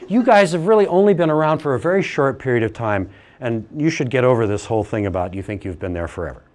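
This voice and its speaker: Talking fast in a mid-range voice, a middle-aged man lectures a class in an animated, teasing manner and keeps asking the students questions as he goes.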